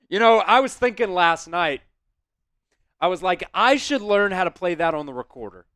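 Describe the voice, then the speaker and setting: A man hosting a live stream, chatting with viewers and shouting excited play-by-play football calls. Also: high voice, moderate pace, no echo.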